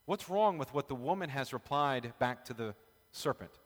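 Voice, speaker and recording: This is a man leading a relaxed Bible study, a pastor who chats and jokes with the group as he teaches. His voice sits at a middle pitch, and a long reverb from the big room trails each phrase. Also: moderate pace. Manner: chatty, joking, talks with the group. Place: church room with a live group.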